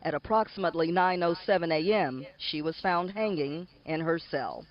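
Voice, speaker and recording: Male news reporter, high voice, muffled broadcast clip. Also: normal speed. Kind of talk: scripted news narration.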